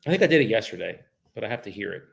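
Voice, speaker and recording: A man's voice: lowish voice, very animated, racing, creaky. A man from the United States, a real estate agent, making cold calls and chatting casually between them, profane and joking. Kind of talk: livestreamed cold calling with running commentary.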